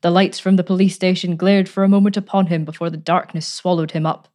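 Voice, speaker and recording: Charming playful gentleman, breezy, teasing, pleasant, read by a woman. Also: on the low side, steady tone, quick pace, lightly acted. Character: charming, playful gentleman adventurer, adult man.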